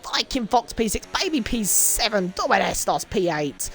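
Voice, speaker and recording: A woman hosting and commentating a sim racing event, laughing often and straining her voice from shouting. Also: normal speed. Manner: excitable, laughs often, voice leaps high and loud in exciting moments. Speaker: race commentator and host.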